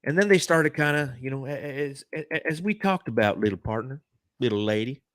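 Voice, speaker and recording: A man's voice: a little high, lively intonation, a little fast, a bit bright, no echo, studio quality. A man hosting a casual sports podcast, joking around and sometimes slipping into a put-on cowboy drawl. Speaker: podcast host.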